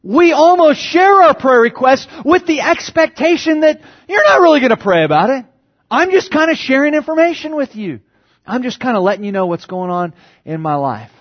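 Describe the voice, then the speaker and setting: A man's voice: very high voice, sing-song, normal speed. Male pastor, earnest sermon teaching, emphatic stresses, dull lo-fi church recording.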